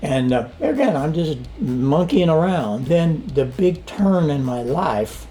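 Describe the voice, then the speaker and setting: An older man, a sound engineer, is interviewed casually in a home studio, with faint music in the background. His voice is slightly high and his pace slow. He tells stories with animation, acting out the quoted dialogue as he goes.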